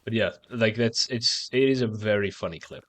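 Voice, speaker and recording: A man's voice: lowish voice, moderate pace. A man streaming a game and chatting casually, rambling with stammered restarts and frequent swearing. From outside the United States. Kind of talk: casual chat while gaming on stream.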